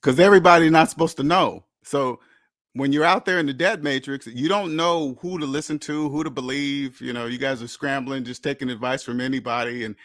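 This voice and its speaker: A man's voice: medium pitch, steady tone, a little fast, fairly bright tone, dry recording, studio quality. A man hosting a channel in a blunt, lecturing monologue, repeating points for emphasis. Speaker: host. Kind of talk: casual monologue.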